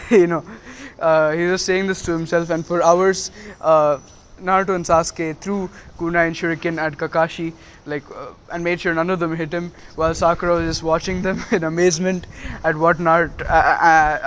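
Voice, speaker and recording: Give me a young man casually narrating a fan story, full of fillers, voice a bit high. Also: little pitch movement, normal speed, a little hiss or hum. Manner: rambling, lots of fillers and laughs. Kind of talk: casual spoken story retelling.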